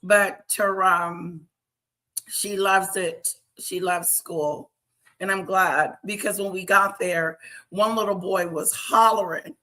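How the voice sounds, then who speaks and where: A woman in her thirties hosts a casual livestream and talks through everyday stories at an unhurried pace. Her voice is bright and clear, and she tells things in a chatty way. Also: lowish voice, fairly even intonation. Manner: slow, chatty storytelling with laughs. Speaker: livestream host.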